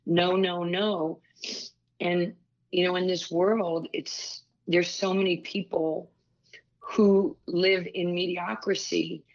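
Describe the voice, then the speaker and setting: Woman coach as interview guest, lowish voice, stumbling over her words, muffled lo-fi recording. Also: level tone, creaky. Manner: halting, with many restarts. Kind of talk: casual interview chat. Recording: dull lo-fi sound.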